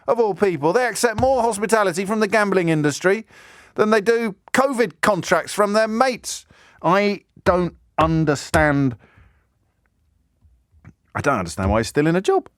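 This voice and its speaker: A man's voice: fairly high pitch, no echo, studio quality. A man in his fifties hosting a radio phone-in, delivering an indignant, sarcastic monologue that builds to anger. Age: 50s. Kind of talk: impassioned talk radio monologue. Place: radio studio. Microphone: studio microphone.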